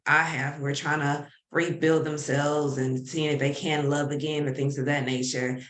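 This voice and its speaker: A woman's voice: low-pitched, a bit bright, roomy sound. A woman therapist explaining ideas earnestly in casual panel chat, often correcting herself mid-word.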